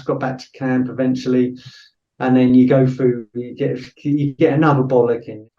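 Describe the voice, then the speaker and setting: A middle-aged British man who served as a soldier tells a story casually on a podcast, using lots of fillers and acting out the voices in his quotes. His mid-range voice stays fairly flat in pitch at a normal speed, and the sound is lo-fi.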